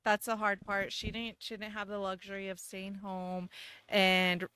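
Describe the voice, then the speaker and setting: A woman's voice: mid-range voice, flat delivery, unhurried, pushed and bright, clean tone. Earnest woman chatting on a podcast. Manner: earnest, laughing, emotional at times. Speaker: guest, host's wife. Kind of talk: casual podcast chat.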